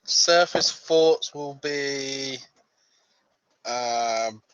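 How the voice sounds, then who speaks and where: A man talks through his turn in a tabletop game at an unhurried pace, often pausing on fillers. His voice sits at a medium pitch. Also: a bit bright, clean tone, no echo, lo-fi sound. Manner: hesitant, lots of fillers. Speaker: player. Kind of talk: casual tabletop play.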